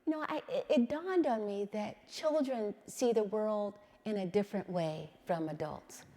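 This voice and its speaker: A middle-aged woman giving a public talk, telling a personal story in a measured way and often checking in with "right?". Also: medium pitch, dark tone, big-room sound.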